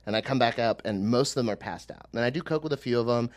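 A man's voice: mid-range voice, fast. A young man, a podcast co-host, telling a rambling and self-deprecating comic story, swearing casually.

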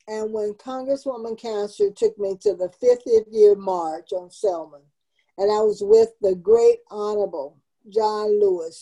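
A woman's voice: medium pitch, vocal fry, mellow, low-quality recording. A woman in her seventies, a community founder, telling her life story in an interview with earnest, emotional emphasis. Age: 70s.

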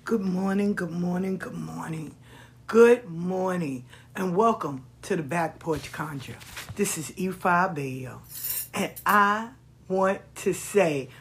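A woman hosting her own podcast, telling stories in a casual monologue that swings from hushed asides to loud, drawn-out emphasis. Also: mid-range voice, breathy edge. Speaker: podcast host.

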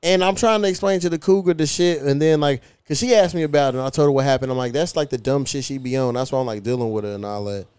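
A man's voice: medium pitch, quick pace, few pauses, a little mellow, clear, resonant tone, dry recording. A man hosting a podcast, casually and profanely telling stories about his dating life. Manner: profane storytelling, quoting his own retorts. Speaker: podcast host.

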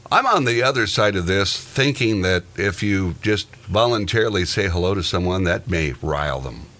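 A man with a very deep voice reads quirky news items aloud. He turns them into casual, joking banter with his co-host. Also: expressive, normal speed, a bit bright. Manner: reads odd news items then jokes about them.

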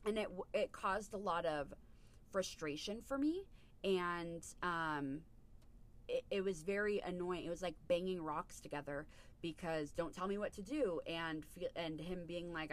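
A woman's voice: lowish voice, normal speed. A woman hosting a podcast in casual chat, blunt and swearing freely as she tells stories. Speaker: podcast host.

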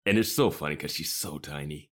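A man co-hosting a podcast in casual chat, chiming in with quick agreement and laughing often. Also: a bass voice, fairly bright tone. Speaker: podcast co-host.

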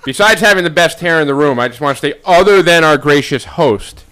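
A man brags and trash-talks in easy podcast banter with friends. His voice is bright and a touch high. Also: a little fast, clean tone, rough recording. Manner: boastful trash talk. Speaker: podcast guest. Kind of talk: casual banter.

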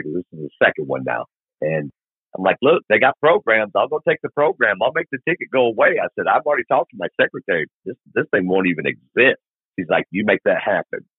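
A man's voice: fairly low pitch, slightly rough, dry recording, narrow, tinny audio. A middle-aged man from Arkansas, rambling through a long motorcycle story as a podcast guest and acting out the people in it. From Arkansas, USA. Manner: rambling, animated retelling with quoted dialogue. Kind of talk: casual storytelling.

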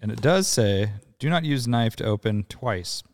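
A man's voice: medium pitch, lively intonation, normal speed, darkish tone, no echo. Joking male podcast host, dry studio sound. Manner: laid-back, laughs often, joking. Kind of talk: casual chat. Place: studio at a motor club.

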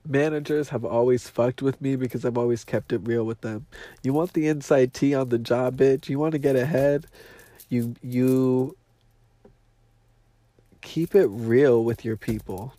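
A man's voice: mid-range voice, a little slow, dark tone, no room sound. Profane, teary, nasal man ranting. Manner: profane, dramatic, emotional. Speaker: podcast host. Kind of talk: casual monologue.

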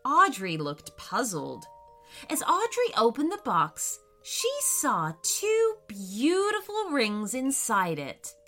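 A woman reading a children's story aloud, slowly and expressively. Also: soft background music. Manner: slow, expressive reading with lively pitch.

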